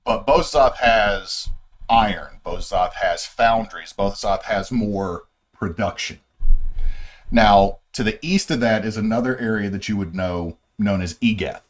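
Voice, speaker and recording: A man's voice: on the low side, unhurried. A man as game master, casually walking his players through setting lore with plenty of fillers and restarts. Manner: rambling, filler-heavy explaining. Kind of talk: casual session-zero lore briefing.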